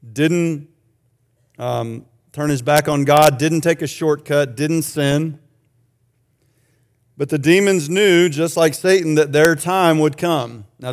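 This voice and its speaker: A male pastor delivers a sermon in a relaxed, conversational way. His voice sits fairly high, and he breaks off for joking asides to the people in the pews.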